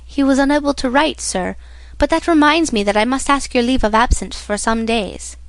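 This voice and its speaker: A woman's voice: sits high, normal speed, vocal fry, dry recording, voice pushed up. A woman reading the part of an earnest, polite young male sailor in a storybook. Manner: polite, respectful, eager.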